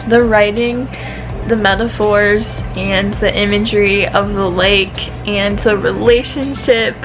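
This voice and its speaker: A young woman from the Midwest chats to camera in a casual vlog, her voice teary and gushing as she sighs and trails off mid-sentence. Her pitch sits in the middle range. Clear music plays underneath. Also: steady tone, slow pace, poor audio. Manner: gushing, emotional, many sighs and trailing-off restarts. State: teary, crying. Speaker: vlogger. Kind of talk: casual vlog talk about a book.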